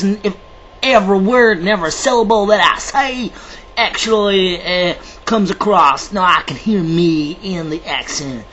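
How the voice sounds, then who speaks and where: A man's voice: high voice, unhurried, fairly bright tone, a little hiss or hum, rough recording. A man vlogging to camera in a rambling, chatty way, theatrical and self-described as dramatic. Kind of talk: rambling casual monologue to camera.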